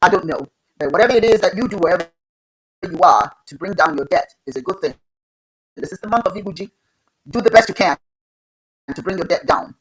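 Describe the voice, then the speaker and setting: Husky-voiced woman hosting a live stream. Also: on the low side, lively intonation, fairly quick, pauses often, low-quality recording. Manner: earnest, advising, loose and conversational. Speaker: host of a live online spirituality show. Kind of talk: casual spiritual advice talk. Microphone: video call.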